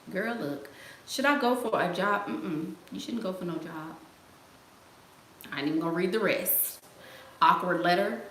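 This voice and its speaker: A woman with a mid-range, fairly bright voice hosts a casual livestream, answering her live chat. She's sassy and playful, laughing and tossing out slang. The room is echoey, with faint background noise.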